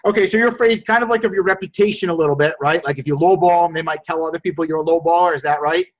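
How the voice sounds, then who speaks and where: A man coaching a group call on lowballing, energetic and coaxing, often repeating words. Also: very fast. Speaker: sales coach and host. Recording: dull lo-fi call audio.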